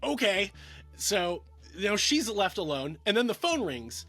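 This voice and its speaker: A man's voice: high voice, sing-song, moderate pace, sharp tone, slightly rough. A man giving a casual film review, rambling with lots of fillers and stammered restarts.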